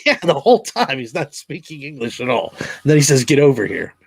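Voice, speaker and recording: A man's voice: fairly high pitch, very animated, brisk, husky, no echo. A man chatting as a guest on a live stream, playful, often restarting his sentences. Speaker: guest co-host. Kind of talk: casual live-stream chat.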